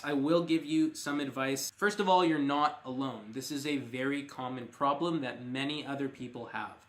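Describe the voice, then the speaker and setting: A man teaching an online English lesson, reading example sentences slowly and clearly and explaining what they mean. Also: mid-range voice, fairly bright tone.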